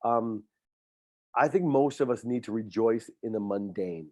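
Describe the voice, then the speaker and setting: A middle-aged man, a high school football coach, speaking in a heartfelt, faith-filled way on a podcast, often repeating words when he is moved. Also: a little slow, darkish tone, dry recording, clean studio sound. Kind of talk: emotional podcast interview.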